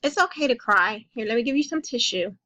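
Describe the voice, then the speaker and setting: A woman playing a calm, caring counselor who gently comforts and reassures a young child in a role-played session. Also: on the high side, a little fast. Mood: soothing.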